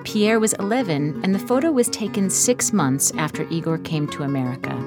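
A woman hosting a radio show, reading scripted links in a clear, composed way. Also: on the low side, animated, a little fast. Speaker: radio host. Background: guitar music.

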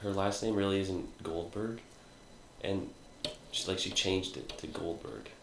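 A man's voice: low-pitched, unhurried, creaky, roomy sound, slight background noise, low-quality recording. A man hosting a podcast, talking in brash, mocking, profane banter. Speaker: podcast host. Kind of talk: casual chat.

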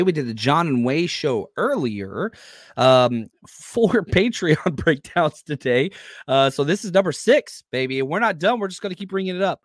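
Energetic man hosting a live sports podcast. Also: on the high side, no echo, clean studio sound. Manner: energetic, loose, reads chat comments aloud. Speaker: podcast host.

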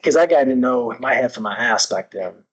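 A man's voice: mid-range voice, animated, normal speed, lo-fi sound. A man talking as a podcast guest, intense and emphatic, swearing heavily while he talks candidly about growth. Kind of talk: candid motivational talk.

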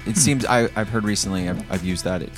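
A man's voice: fairly low pitch, quick pace, over music. A man co-hosting a podcast, joking around and asking teasing questions. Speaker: podcast co-host. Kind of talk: casual podcast chat.

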